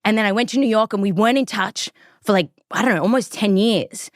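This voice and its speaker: An Australian woman hosts a podcast, telling a story in a chatty way packed with likes and ums. Her voice is medium in pitch and quick, recorded with clean studio sound and no echo.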